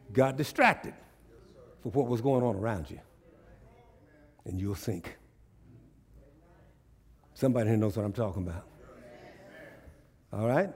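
A male pastor preaching a sermon, animated and repetitive, drawing responses from the congregation. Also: mid-range voice, breathy edge.

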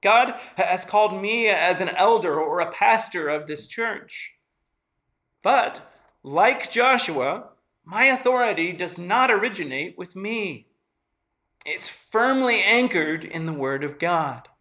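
A man's voice: sits high, lively intonation, slow pace, pushed and bright. A male pastor in his thirties preaching a sermon, earnest and conversational, repeating key phrases for emphasis and restarting his sentences.

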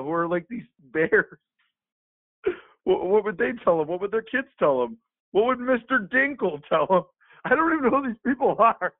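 A man co-hosting a podcast, retelling a comic in a rambling, animated way with many fillers. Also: high-pitched, no room sound. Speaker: podcast co-host. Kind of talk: casual chat. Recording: phone-like, dry sound.

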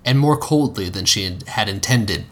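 A man's voice: on the low side, animated, moderate pace, fairly bright tone. A man narrating a story aloud, reading steadily with occasional slips and restarts.

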